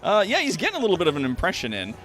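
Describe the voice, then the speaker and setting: Lively man narrating as game master. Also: sits high, rapid-fire, soft background music. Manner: rambling narration, many fillers and restarts, laughs often.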